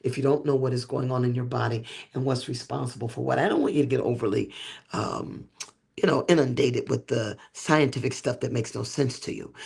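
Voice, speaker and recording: A man's voice: mid-range voice, creaky, darkish tone, breathy edge. A man hosting a livestream teaching talk, with a preacher-like cadence, drawing out key words and checking in with listeners. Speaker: host.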